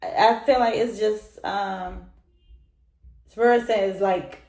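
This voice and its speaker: A woman's voice: mid-range voice, fairly even intonation, slow pace, darkish tone. A woman giving a casual tarot reading, speaking straight to the listener and repeating her points. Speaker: tarot reader. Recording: roomy echoey room.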